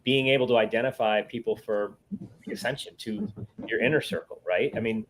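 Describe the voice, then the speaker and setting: A man's voice: lowish voice, steady tone, fairly quick, a little hiss or hum. A man co-hosting a podcast in casual chat, affirming and asking leading questions. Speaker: podcast co-host.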